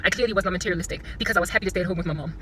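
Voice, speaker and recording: A South African woman vlogging from inside a parked car into her phone camera, talking in an animated, dramatic and joking way. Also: fairly low pitch, very fast, a little hiss or hum, low-quality recording. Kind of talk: casual talking-head vlog.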